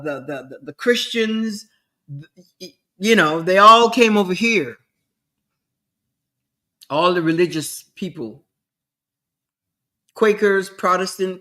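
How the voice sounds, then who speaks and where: A middle-aged woman hosts her own show, talking in a loose, rambling monologue. She speaks slowly and unhurriedly, stumbling over repeated words as she drives her points home. Her voice has a bright, forceful edge. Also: fairly low pitch. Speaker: show host. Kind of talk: casual monologue.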